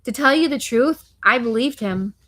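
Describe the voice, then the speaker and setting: A woman's voice: fairly high pitch, expressive, normal speed, fairly bright tone, pitched above the performer's own voice. A woman voicing an aging Israeli intelligence chief, blunt and teasing. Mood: candid.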